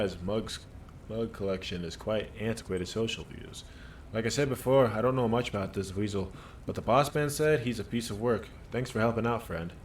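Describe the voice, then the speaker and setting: Low-voiced man streaming a game. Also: a little hiss or hum. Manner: relaxed, wry, reading narration aloud. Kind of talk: casual gameplay commentary and reading game text.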